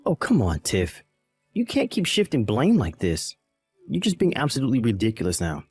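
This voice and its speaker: A man's voice: medium pitch, wildly swooping pitch, moderate pace, a little mellow, husky, no room sound, faint music behind, full character voice. A man playing a callous young husband in a dramatized text-message story, exasperated and blaming. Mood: dismissive.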